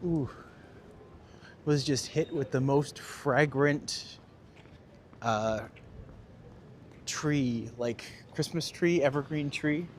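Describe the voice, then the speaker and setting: This walking-tour guide streams live from city streets, joking with viewers and responding to chat as he goes. He has a fairly high voice and talks very slowly with frequent pauses, over a faint hiss or hum.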